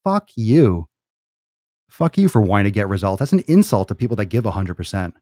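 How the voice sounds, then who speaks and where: Profane ranting man, dark voice. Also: fairly low pitch, sing-song, fairly quick, no echo, clean studio sound. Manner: blunt, profane, ranting, mocking whiny voices. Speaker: fitness vlogger. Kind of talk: profane motivational rant.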